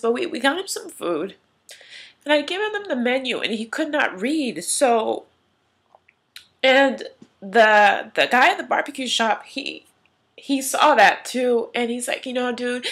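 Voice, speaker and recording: A woman's voice: fairly high pitch, a bit bright. A young woman telling a story in a candid home vlog, emotional and teary, rambling with many fillers. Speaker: vlogger. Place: at home in her room.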